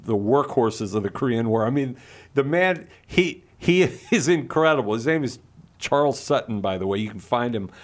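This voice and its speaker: A man's voice: mid-range voice, expressive, moderate pace. Earnest middle-aged guy telling a family story, gets passionate, repeats himself. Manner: earnest, passionate, repeats words when stirred. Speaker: Catholic speaker. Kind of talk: personal story and moral argument.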